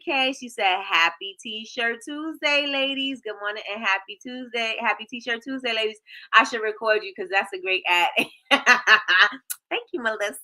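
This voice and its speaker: Chatty bright-voiced woman livestream host. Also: a little high. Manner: chatty, reads viewer comments aloud, lively. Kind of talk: casual livestream chat.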